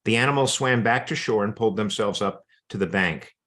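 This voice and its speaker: A man reading a children's story aloud to an online group in an expressive, animated way. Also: fairly low pitch, fairly quick.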